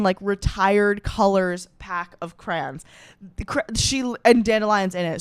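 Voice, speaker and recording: Young female comic, Western New York accent, casual podcast rant, smooth voice, profane and gushy. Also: mid-range voice, dry recording. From Rochester, New York. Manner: animated, profane, gushing, heavy use of "like". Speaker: comedian podcast host. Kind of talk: casual monologue.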